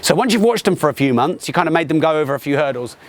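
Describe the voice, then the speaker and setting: A man speaking as a property investment mentor, giving energetic, conversational business advice with quick asides and restarts. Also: fairly high pitch. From England. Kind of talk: direct-to-camera business advice. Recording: faint ambient background noise.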